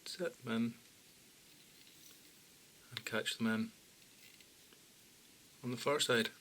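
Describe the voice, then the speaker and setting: Calm man giving fly-tying steps. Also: slow, slight background noise. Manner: calm, plain instructions, often low and quiet. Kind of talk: step-by-step tutorial narration.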